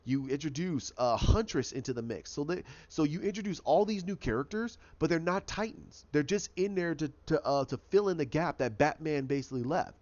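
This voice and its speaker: A man's voice: a little high, animated, fairly quick, hardly any pauses, a little mellow, lo-fi sound. A man giving a casual, rambling recap of a TV episode, often repeating himself and restarting his sentences. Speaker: show recap host.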